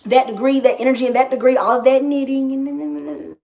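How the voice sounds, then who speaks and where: A woman's voice: sits high, fairly even intonation, brisk, creaky, warm tone. A woman astrologer talking in a casual vlog monologue, brash and profane, and she repeats phrases for emphasis.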